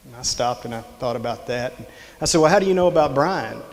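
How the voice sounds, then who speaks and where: A man's voice: mid-range voice, lively intonation, fast talker. A middle-aged man with a Texan accent gives a folksy motivational talk to a live audience, telling a story and drawing the crowd in with questions. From Texas. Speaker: extension director giving a leadership talk. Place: large hall with live audience. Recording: long hall reverb.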